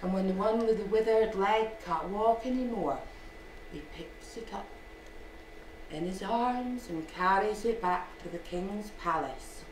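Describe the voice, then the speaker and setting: A woman's voice: mid-range voice, measured pace, darkish tone, recorded from a distance, slight background noise. A Scottish woman storyteller telling a folk tale live, playful, with asides, in an echoey storytelling hall.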